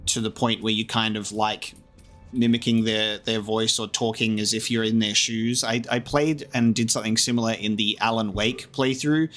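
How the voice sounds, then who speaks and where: Playing through a video game, this streamer keeps up a chatty, jokey commentary, mostly talking to himself. His pitch is fairly low and his tone a bit bright.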